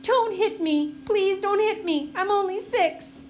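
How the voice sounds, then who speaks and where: A fussy little six-year-old boy who whines and puts on a tough-guy act, as a woman reads him aloud in an audiobook. The voice sits fairly high. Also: moderate pace, slight background noise, close to an everyday voice. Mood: crying. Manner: whining, tough-guy bluster. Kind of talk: audiobook reading.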